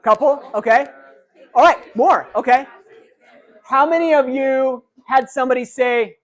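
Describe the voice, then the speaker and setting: A man giving a live motivational keynote, energetic and interactive, calling out to a big audience in a large hall. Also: very high voice, a little slow, a faint crowd. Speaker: keynote speaker.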